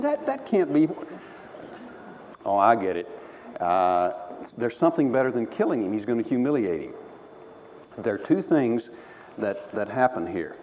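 A man preaching a sermon, telling the story with lively, animated delivery and acting out the voices. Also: mid-range voice, a little hiss or hum. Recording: dull sound in a reverberant hall.

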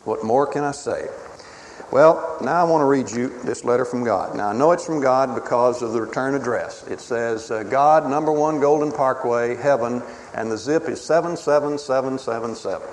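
Male preacher, sermon, emphatic and dramatic, mid pitch, long hall reverb. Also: fairly quick, hardly any pauses. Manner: dramatic, emphatic, shifts between booming and hushed. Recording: reverberant hall with faint ambient noise.

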